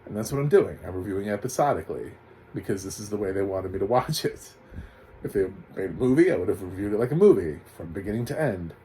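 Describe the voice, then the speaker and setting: A man with a fairly low voice recaps a TV episode in a loose, rambling way and keeps tossing in sarcastic jabs. A faint hum sits underneath his voice. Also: animated, fast, warm tone, low-quality recording. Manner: sarcastic, rambling, laughs often. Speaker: TV recap reviewer. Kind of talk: casual spoken review.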